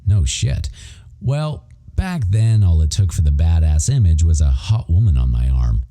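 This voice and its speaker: A man's voice: rumbling low, very animated, measured pace, mellow. A man narrating a romance audiobook in first person, wry, profane and self-mocking.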